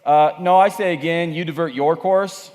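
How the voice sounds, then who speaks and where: A man's voice: on the high side, fairly even intonation, moderate pace, a little mellow, natural voice. A man voicing a laid-back Canadian lighthouse keeper in a put-on Canadian accent, casual and unbothered, with "uh" and "eh". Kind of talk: sermon illustration. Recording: echoey hall.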